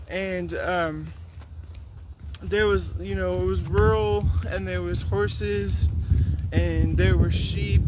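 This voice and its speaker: A young man rambles through a relaxed walking vlog, his voice high and his pace unhurried, often doubling back mid-sentence. He records on a carried phone out on a riverside trail. Loud wind and outdoor noise sit under everything he says. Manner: rambling, with frequent restarts. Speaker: vlogger. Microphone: phone or camera carried while walking. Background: loud outdoor ambience and wind.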